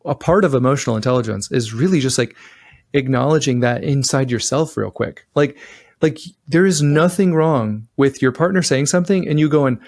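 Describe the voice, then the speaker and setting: A man's voice: mid-range voice, expressive, normal speed, darkish tone. A man co-hosting a podcast about relationships, talking in a rambling, casual way and acting out what partners say to each other. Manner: rambling, acts out partners' lines in shifting voices. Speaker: podcast co-host. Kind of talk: casual relationship advice chat.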